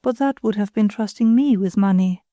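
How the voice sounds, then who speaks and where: A woman reading the part of a modest, quick-witted young woman with a quiet, composed manner. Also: medium pitch, no echo, lightly acted.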